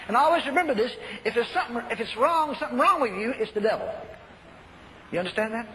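An older man preaching a sermon, telling folksy stories and shouting commands. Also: sits high. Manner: folksy storytelling, shouts commands, repeats phrases. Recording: echoey hall, faint noise.

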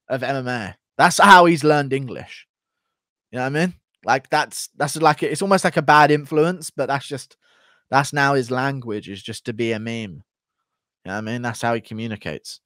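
A man hosting a live stream who reads out donations and riffs with crude, swearing humor. His voice sits at a middle pitch, and the sound is dry and close to the mic with no echo. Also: moderate pace, a bit bright. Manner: crude, profane, joking banter while reading donations. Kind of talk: casual live-stream chat.

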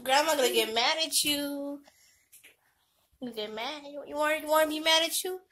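Young mother vlogger, playful and teasing, very high bright voice, slow delivery, some faint noise. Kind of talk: casual home vlog playing with her child. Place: home living room.

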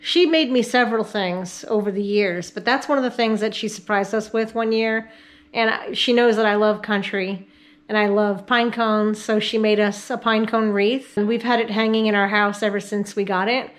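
A Catskills, New York woman in middle age walks her viewers through the rooms of her house in a casual vlog tour. Her pitch is medium, her tone steady, her pace moderate, and the audio quality is low. Chatty throughout, she also coos baby-talk at her dogs.

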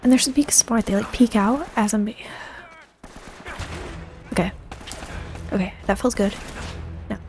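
A woman's voice: mid-range voice, unhurried, pauses often, a little mellow, slight background noise. Panicky woman narrating a shooter game. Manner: panicky, self-mocking, repeats herself. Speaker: gaming streamer. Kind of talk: let's play commentary.

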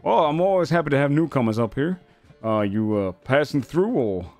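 A man's voice: mid-range voice, animated, moderate pace, a little mellow, faint music behind, pitched above the performer's own voice, lightly acted. A man voicing a friendly, broad, gray-haired male minotaur barkeep who chats with newcomers. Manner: welcoming, chatty.

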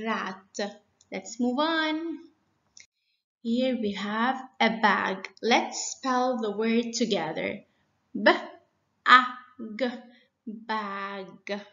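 A woman teacher giving a children's phonics lesson, slowly and patiently spelling words out letter by letter. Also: a little high, fairly bright tone. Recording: dull, lo-fi and echoey.

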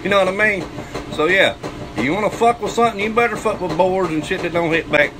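A man's voice: high voice, fast, noisy background. A man with a Southern US accent telling a crude, boastful story, swearing constantly and breaking into laughter. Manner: profane, boastful, laughs often. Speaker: channel host telling a story.

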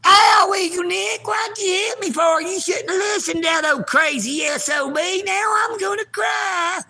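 A man doing a whiny, high-pitched hurt kitty. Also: a little slow, pushed and bright, shouting, a little hiss or hum, full character voice. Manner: whimpering, tearful, complaining. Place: outdoors at a park.

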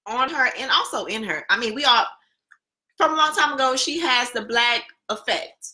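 A young adult woman co-hosting a live podcast, chatting casually and relaxed while eating. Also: fairly high pitch, moderate pace. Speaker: podcast co-host.

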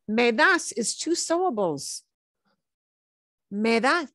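A woman's voice: medium pitch, big pitch swings, normal speed, no room sound, studio quality. A middle-aged woman teaching a Spanish class over a video call, chatty, slipping Spanish phrases into her English explanations. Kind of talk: online class lesson.

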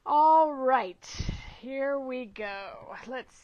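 A woman's voice: high voice, extremely slow, no echo. A middle-aged woman hosting a casual live-stream Q&A as a nutrition educator, encouraging her viewers and greeting them by name, with some hesitant fillers. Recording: dull lo-fi dry sound.

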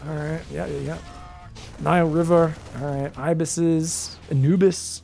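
An Australian man casting a live strategy game, chatting and joking with his viewers between plays and bursting into excited shouts. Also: on the high side, a little slow, vocal fry, soft background music. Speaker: esports caster. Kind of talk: live game commentary and chat banter.

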